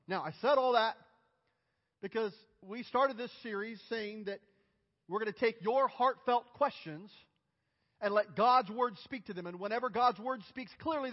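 A high-pitched male pastor delivers an emphatic sermon that swells into loud cries. His voice rings with a long hall reverb. The sound is muffled and dull. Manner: emphatic, building to loud outcries.

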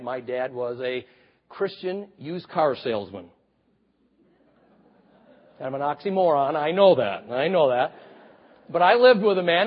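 A man in his fifties preaching a sermon, telling stories and swinging from booming to hushed. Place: large church hall. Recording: reverberant hall, slightly dull sound.

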